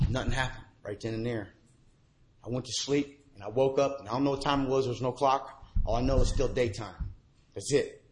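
A man telling his personal recovery story to a meeting in a church room. He talks earnestly and swings from hushed lows to shouted peaks. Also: a little fast. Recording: echoey room.

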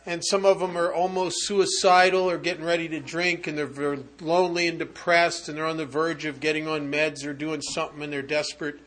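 A man's voice: on the high side, level tone, fairly quick, few pauses, fairly bright tone. A man speaking at a recovery meeting, telling a humorous personal story in a conversational, wry way with frequent restarts.

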